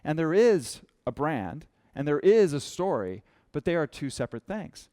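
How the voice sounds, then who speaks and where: A man with a fairly high voice delivers a storytelling talk as a writer from the experience design business. He speaks conversationally and brings in the voices of other people as he recounts events. His voice is close and dry, with no room echo. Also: big pitch swings, normal speed, darkish tone. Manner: conversational storyteller who acts out quoted dialogue.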